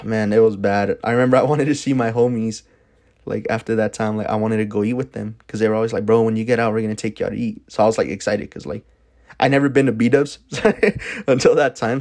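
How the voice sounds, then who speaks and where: A man's voice: on the low side, fairly even intonation, a little fast, darkish tone. A young man from the Denver area telling his own story in a loose, casual way, full of "like" and swearing. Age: young adult. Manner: rambling, fills with "like", swears freely. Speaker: podcast host.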